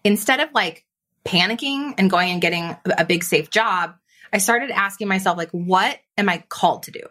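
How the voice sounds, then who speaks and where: A woman guest on a podcast, a business coach, telling her story in a lively conversational way and acting out her own thoughts in quotes. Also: mid-range voice. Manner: animated, fast-flowing, quotes her own inner voice.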